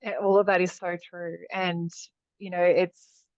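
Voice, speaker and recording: A woman's voice: on the low side, little pitch movement, a little slow, dry recording. A woman hosting a podcast, agreeing and reflective as she builds on her guest's points. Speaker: podcast host. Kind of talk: conversational podcast talk. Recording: dry, slightly dull lo-fi audio.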